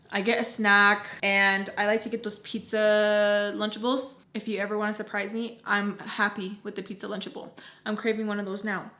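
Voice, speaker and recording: A woman's voice: medium pitch, fairly bright tone, echoey room. A young woman telling a story to the camera in a casual, blunt, mouthy way, swearing freely. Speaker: storytime vlogger.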